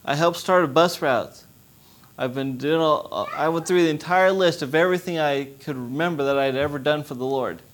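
A man's voice: fairly high pitch, normal speed. Impassioned man preaching a testimony. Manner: impassioned, rising to loud pleading. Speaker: missionary preacher. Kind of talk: testimony sermon.

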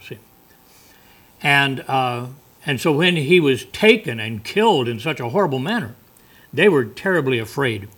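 A man's voice: medium pitch, expressive, normal speed, fairly bright tone. A male preacher giving a folksy, conversational sermon with asides.

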